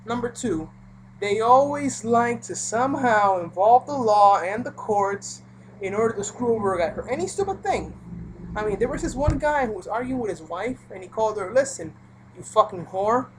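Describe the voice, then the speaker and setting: A woman's voice: a little high, lively intonation, moderate pace, noisy background. A woman telling a personal story in a casual, rambling vlog, full of fillers and asides. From Puerto Rico. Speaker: vlogger.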